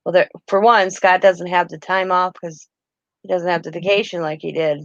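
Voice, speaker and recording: A woman's voice: on the low side, fairly even intonation, normal speed, dry recording. Rambling middle-aged woman, muffled dry sound. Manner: rambling, self-correcting storyteller. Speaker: host of a crafting chat. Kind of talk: casual chat.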